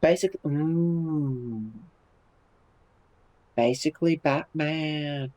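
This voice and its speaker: A man's voice: on the high side, drawn-out words, dark tone, low-quality recording. A man streaming live, chatting casually and reacting to viewer messages in a laid-back way, swearing freely and restarting his sentences.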